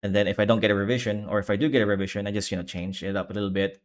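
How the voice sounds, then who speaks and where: Sleepy, rambling young man, low voice. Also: flat delivery, very fast. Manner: rambling, self-correcting, laid-back. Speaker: manga artist streaming. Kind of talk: casual live-stream chat while drawing.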